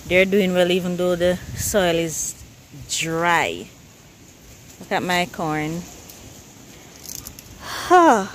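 A woman's voice: fairly low pitch, takes it slowly, pauses often, a little hiss or hum. A woman from Jamaica with a Jamaican accent, chatting casually and laughing often as she walks through her outdoor container garden. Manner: chatty, laughs often while showing plants. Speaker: gardening vlogger. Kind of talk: casual garden walkthrough vlog.

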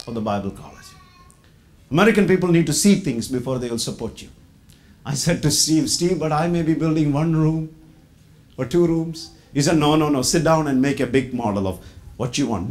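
Animated and brisk, a middle-aged man from India shares his sermon testimony, booming out quoted lines and dropping into low asides.

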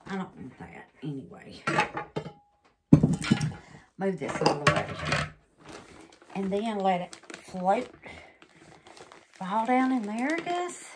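A woman's voice: medium pitch, noisy background. A woman chats through a resin craft demo, exclaiming and calling her viewers babies. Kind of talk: casual craft demo chat.

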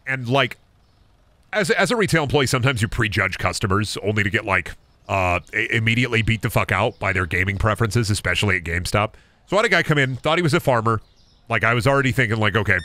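A man's voice: lowish voice, pushed and bright, dry recording. A man streaming a game and telling rambling, jokey stories in casual chat, swearing freely. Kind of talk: casual gameplay chat and storytelling.

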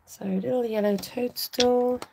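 A woman's voice: a little high, fairly even intonation, measured pace, gravelly, noisy background. A woman hosting a card-making tutorial, chatting and thinking aloud to herself as she works. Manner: chatty, self-talking, giggly, scattered.

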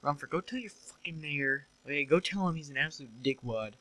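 A man's voice: fairly high pitch, expressive, brisk, fairly bright tone, dry recording, poor audio. A young man giving casual, joking commentary while playing a video game, sarcastically mocking the characters. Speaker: let's play commentator.

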